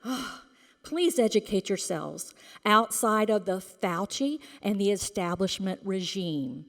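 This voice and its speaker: A woman's voice: mid-range voice, unhurried, creaky. Indignant woman at a board meeting podium. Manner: emphatic and indignant, sometimes dropping to a whisper. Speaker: public commenter at a school board meeting. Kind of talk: impassioned public comment. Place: school board meeting room. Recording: long reverb of a meeting hall.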